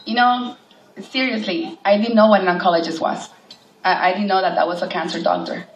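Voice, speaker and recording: A woman's voice: medium pitch, fairly even intonation, brisk. A woman shares her own story with an audience, speaking emotionally and slipping into the voices of the people she quotes. Her voice is heard from a distance in an echoey hall, with a faint hum of background noise. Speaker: cancer survivor speaking at a charity event. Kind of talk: personal story told to an audience.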